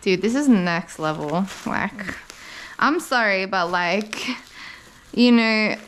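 Gushing slow-talking young woman vlogger. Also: medium pitch, noisy background. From Australia. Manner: gushing, swears often, slow-paced. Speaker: car vlogger. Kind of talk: excited unboxing vlog.

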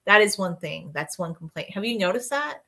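A soft-spoken woman in casual conversation, chatty and agreeable. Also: medium pitch, expressive, brisk, gravelly. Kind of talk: casual chat.

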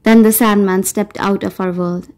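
A woman narrating an audiobook in a measured, softly expressive storytelling manner. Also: mid-range voice, a little hiss or hum. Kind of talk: scripted narration.

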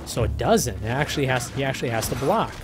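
A man streaming a fighting game, casually talking through his moves to the chat and muttering to himself between bursts of excitement. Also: medium pitch, fast. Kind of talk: casual live stream commentary. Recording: music playing behind the voice.

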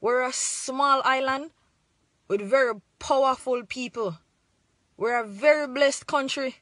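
A woman's voice: high-pitched, unhurried, fairly bright tone, no room sound. A young adult woman from Jamaica with a Jamaican accent, speaking earnestly to the camera and sliding into patois as she urges pride in her country. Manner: earnest, preachy, slides into patois. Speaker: vlogger. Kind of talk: impassioned talk to camera.

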